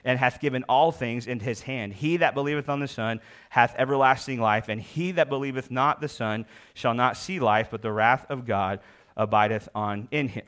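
A man's voice: mid-range voice, a bit bright. A man preaching a sermon as pastor, reading scripture aloud and explaining it with emphatic repetition.

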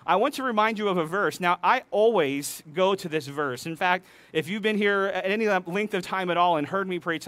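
A man's voice: sits high, fairly bright tone, dry recording. A man preaching a sermon, retelling a scripture story with playful voiced dialogue between readings. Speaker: pastor.

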